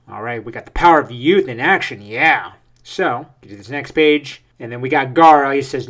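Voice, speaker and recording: A man's voice: mid-range voice, moderate pace, hardly any pauses. Hyped man reacting to manga pages. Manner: excitable, hyped, lots of uh fillers. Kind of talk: casual commentary reading manga pages.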